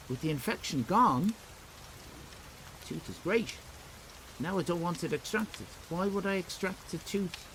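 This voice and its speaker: A man's voice: on the high side, gravelly, slight background noise, rough recording. A middle-aged Irish man streaming live, rambling and self-mocking in casual chat with his viewers. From Ireland.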